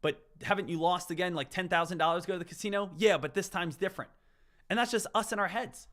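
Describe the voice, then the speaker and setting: Guy hosting a live trading stream, chatty, bright slightly high voice, keeps saying again. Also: fast talker. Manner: chatty, repeats "again", answers chat. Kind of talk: casual live-stream commentary.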